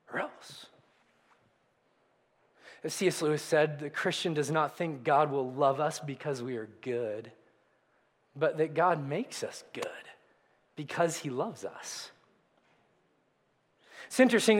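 A middle-aged man preaching a sermon as a pastor, swinging between loud emphasis and near whispers. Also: on the high side. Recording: long hall reverb.

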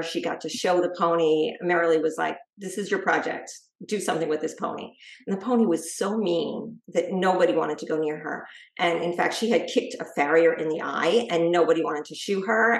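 A middle-aged woman, a guest author, telling a personal story in a lively way and acting out what others said. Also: lowish voice, brisk, vocal fry. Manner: lively storyteller who acts out quoted speech. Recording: echoey room.

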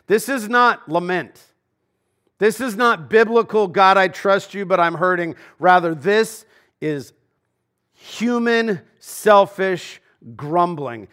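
A man's voice: sits high, slow pace, fairly bright tone. A man, a pastor, giving a sermon in a casual, conversational way with slang asides. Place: church.

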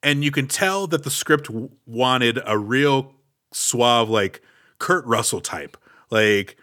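Movie podcast cohost guy, bright sharp voice, kinda rambly, restarts a lot. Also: medium pitch, lively intonation, takes it slowly. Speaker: podcast co-host. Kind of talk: casual movie recap chat.

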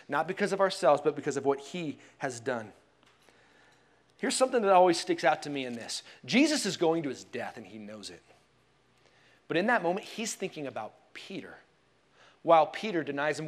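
A man preaching a sermon in a church, telling the story expressively and dropping to hushed tones for emphasis. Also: on the high side. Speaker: pastor.

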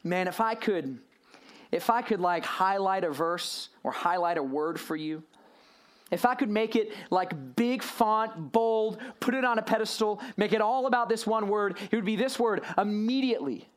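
A male pastor preaching a sermon to a room of listeners, animated and full of rhetorical questions, moving between hushed and raised delivery. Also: high-pitched, normal speed. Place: church or youth gathering room.

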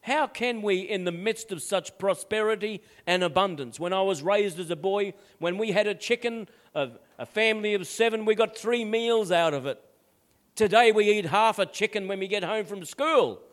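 A man's voice: high-pitched, normal speed, a bit bright. An older man, a pastor preaching a sermon with emphatic asides and frequent calls of "amen?".

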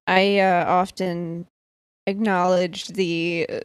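A woman's voice: fairly low pitch, flat delivery, takes it slowly, smooth, no echo. A woman in a casual group chat, telling a story and playfully quoting her partner.

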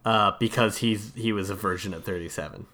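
Bright-voiced man in casual podcast chat. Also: fairly low pitch. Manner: halting, restarts often, short agreeing replies. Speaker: podcast co-host.

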